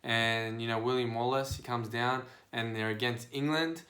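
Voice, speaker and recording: A man hosts a podcast and talks straight to his listeners. His delivery is casual but preachy, building into animated bursts as he lays out his advice. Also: medium pitch, normal speed. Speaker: podcast host and life coach.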